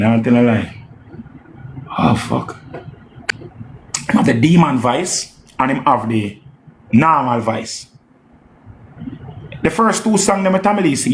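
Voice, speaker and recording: A man with a Jamaican accent giving casual, animated reaction commentary on a live stream, repeating himself and swearing as he slips into patois. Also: a little high, echoey room, slight background noise. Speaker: music commentator.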